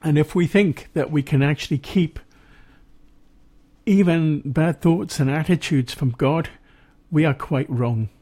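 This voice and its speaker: A man presenting a Christian radio show, reading Bible passages and preaching in a measured, earnest way. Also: a little high, mellow.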